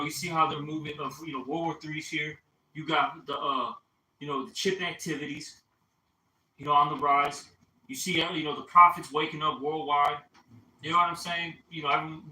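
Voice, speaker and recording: A man in a casual group chat, talking in an animated way with lots of swearing, fillers and restarts. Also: fairly high pitch. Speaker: group discussion member. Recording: echoey room, far from mic, faint hiss.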